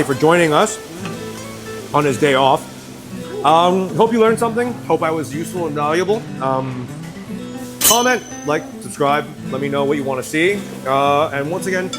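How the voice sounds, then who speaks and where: A man from northern China hosting a cooking video in a joking, chatty way, now and then slipping into Mandarin. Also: a little high. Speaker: cooking channel host. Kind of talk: casual cooking commentary.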